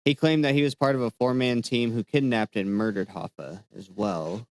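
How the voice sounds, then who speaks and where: A laid-back man on a podcast, working through his notes and tripping over names. His voice is smooth and clear, recorded close and dry. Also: medium pitch, steady tone, normal speed, no room sound. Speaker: podcast co-host. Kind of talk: casual podcast, reading out research.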